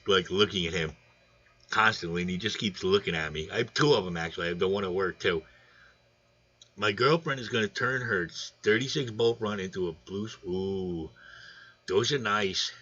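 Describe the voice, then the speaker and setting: A man's voice: lowish voice, bright, forceful tone, lo-fi sound. A man hosting a casual fish livestream, rambling and joking while greeting viewers by name. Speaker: aquarium channel host. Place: home room.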